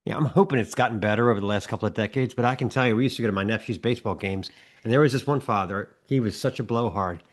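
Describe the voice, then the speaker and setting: A man co-hosting a comedy podcast, telling wry stories and acting out yelling dads. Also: on the low side, quick pace. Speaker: podcast co-host.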